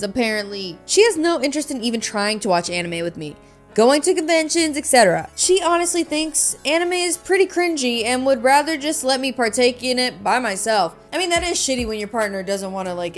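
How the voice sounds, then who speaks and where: A woman hosting a podcast, reading online stories aloud and breaking in with profane, sarcastic asides. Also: on the high side. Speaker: podcast host.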